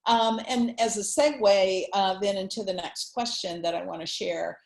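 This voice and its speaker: A woman's voice: medium pitch, vocal fry. Woman moderator in an echoey room. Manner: friendly and measured, with frequent "um"s. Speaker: program moderator relaying teachers' questions. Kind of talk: moderating an online Q&A. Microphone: video call. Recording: echoey room on a video call.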